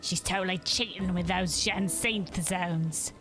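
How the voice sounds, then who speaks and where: Laban, woman doing a gruff Scottish-ish girl. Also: lowish voice, fairly even intonation, a little slow, over music, pitched below the performer's own voice. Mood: grumbling. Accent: put-on Scottish-ish. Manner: blunt and grumbling. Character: brash tough young woman.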